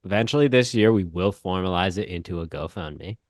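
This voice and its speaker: A man's voice: sits low, brisk, no echo, clean studio sound. A man co-hosting a podcast, chatting casually in a jokey, teasing way. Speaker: podcast co-host. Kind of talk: casual banter.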